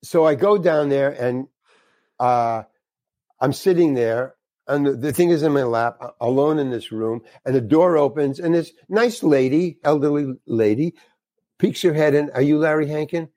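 An older man, a guest actor, telling a frank, animated story and acting out the dialogue in it. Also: mid-range voice, a little slow, dry recording. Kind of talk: anecdotal storytelling.

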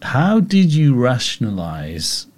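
A man's voice: medium pitch, wildly swooping pitch, slow pace, darkish tone. A man hosting an interview and asking thoughtful, reflective questions. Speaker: host.

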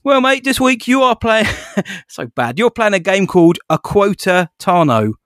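A man's voice: sits high, very animated, unhurried, a bit bright, no echo, studio quality. A man co-hosting a podcast and running a quiz game, playful and teasing, laughing often. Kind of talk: casual podcast chat.

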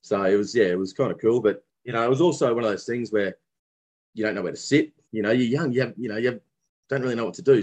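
A man's voice: fairly low pitch, fast, darkish tone. A man from Brisbane with an Australian accent, reminiscing about his cricket days in a casual interview, rambling with many restarts. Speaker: guest, former cricketer.

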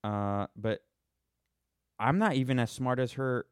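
A man's voice: mid-range voice, unhurried, smooth, no room sound, clean studio sound. A man in his thirties hosting a livestreamed podcast, talking in a rambling, sarcastic way with many restarts. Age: 30s. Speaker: podcast host. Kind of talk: livestreamed monologue.

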